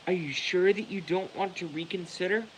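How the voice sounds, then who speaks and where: A man's voice: high voice, normal speed, a little hiss or hum, voice pushed up, natural voice, rough recording. A man putting on the voice of a condescending public school staff member. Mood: patronizing.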